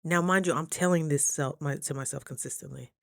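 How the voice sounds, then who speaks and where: A young woman talking casually in a motivational vlog, chatty and animated, jumping high when she quotes people. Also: a little fast, gravelly. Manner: chews while talking at times. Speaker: vlogger.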